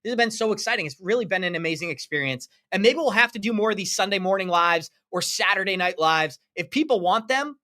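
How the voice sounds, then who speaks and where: Upbeat male live-stream host, bright and high-pitched, effusive and chatty. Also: animated, quick pace, hardly any pauses. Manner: upbeat, effusive, thanking viewers by name. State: running out of breath. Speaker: crypto livestream host. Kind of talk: live stream chat, reading donations.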